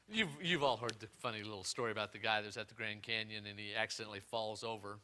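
A man preaching a sermon as pastor, moving from loud emphatic peaks to quiet asides, telling folksy stories with repeated words. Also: lowish voice, quick pace, hardly any pauses.

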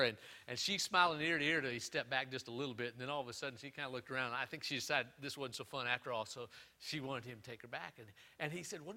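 A pastor delivering a sermon in a bright, fairly high man's voice. He swings between loud, emphatic declarations and quiet, confiding asides. His stories come out folksy, with repeated words and restarts.

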